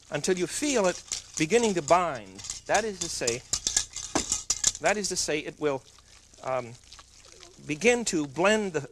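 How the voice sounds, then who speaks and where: A man's voice: on the high side, background noise. A man hosting a TV cooking demonstration, chatty and playful, joking with viewers as he works. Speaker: TV cooking show host.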